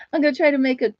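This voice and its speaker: A woman's voice: sits high, no echo, highs cut off. A woman hosting a casual live-stream chat, talking in a chatty, self-deprecating way and laughing often.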